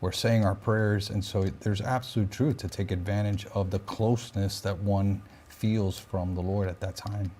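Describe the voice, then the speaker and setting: A man hosting a parish discussion who affirms the guest and is quick to agree. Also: lowish voice, steady tone, darkish tone.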